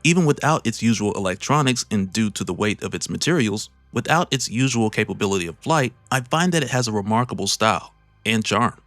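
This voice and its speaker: A man's voice: on the low side, expressive, fairly quick, fairly bright tone, no room sound, soft background music. A man reading the lines of an imperious armored villain monarch in a grand, formal, commanding way. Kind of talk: read-aloud comic narration.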